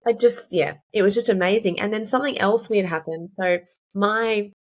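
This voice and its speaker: A woman's voice: medium pitch, normal speed. A woman in her thirties, a fitness coach and podcast guest, candidly and emphatically telling a personal story, swearing freely. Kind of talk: casual chat, personal storytelling.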